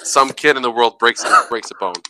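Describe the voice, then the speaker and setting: A man's voice: mid-range voice, moderate pace, pushed and bright, clear, resonant tone. A young man co-hosting a casual podcast, joking and laughing often. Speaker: podcast co-host. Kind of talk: casual chat.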